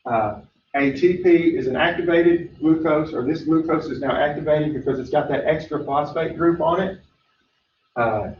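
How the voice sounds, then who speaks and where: A man's voice: medium pitch, distant mic. A man teaching a recorded biology lecture in a chatty way, with frequent "uh" fillers, drifting into storytelling. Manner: chatty, lots of "uh" fillers, acts out story voices. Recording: echoey room, dull lo-fi sound, faint hiss.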